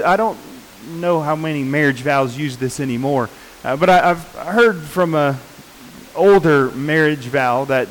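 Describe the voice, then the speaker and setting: A man preaching a sermon in an unhurried, earnest way, often pausing with fillers and restarting his sentences. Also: fairly high pitch, slight background noise, rough recording.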